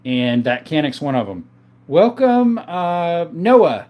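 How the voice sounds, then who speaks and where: A man hosting a casual livestream, reading viewers' chat names aloud and answering them in a relaxed, easygoing way. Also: fairly high pitch, slow. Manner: calls viewers brother. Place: home, in front of a counter.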